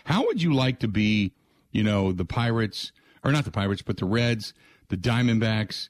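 A man's voice: lowish voice, animated, normal speed. A man hosting a sports radio show, talking casually through last night's game with plenty of fillers. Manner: conversational, frequent "uh" fillers, rattles off game stats. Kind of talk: sports talk radio monologue.

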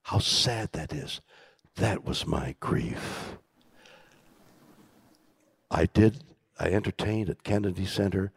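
An older man speaking as keynote guest, telling a story to a live audience with a dramatic, halting delivery and hushed asides. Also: deep voice, gravelly, breathy edge, no echo. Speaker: keynote guest in a stage conversation. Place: conference stage.

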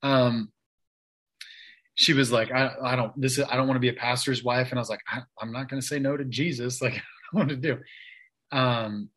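Guy in his 30s rambling through a story, lots of likes and restarts, mid pitch. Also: steady tone, fairly quick, a bit bright, poor audio. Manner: chatty, many restarts and "like" fillers. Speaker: interview guest. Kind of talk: casual storytelling.

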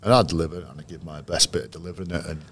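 A male coach telling stories in an interview, in a measured, anecdotal way with frequent restarts. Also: low voice, steady tone, a bit bright. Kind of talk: interview storytelling.

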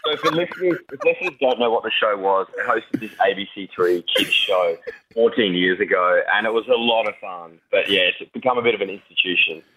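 A man, a TV presenter, telling animated stories as a guest on a radio show. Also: lowish voice, fairly quick, slight background noise, poor audio. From Australia. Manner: animated anecdotes, acts out quotes. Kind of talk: casual radio interview storytelling.

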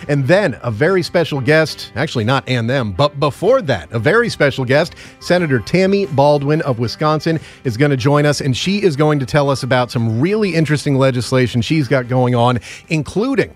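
A man's voice: medium pitch, expressive, fairly quick, few pauses, soft background music. A man hosting a casual morning podcast, rambling and joking with his producer, with plenty of fillers. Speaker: podcast host. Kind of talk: casual morning show chat.

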